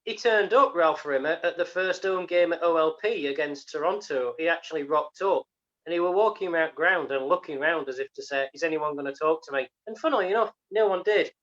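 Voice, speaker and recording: Host chatting along, bright voice, muffled lo-fi mic. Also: medium pitch, fairly quick. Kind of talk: casual chat.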